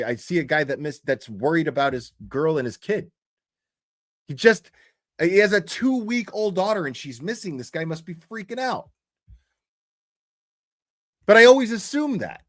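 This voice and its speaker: A man's voice: fairly high pitch, animated, normal speed, fairly bright tone. A man telling a story on a livestream in a blunt, profane way, with many fillers and restarts. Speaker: true crime commentary streamer. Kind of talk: casual livestream commentary.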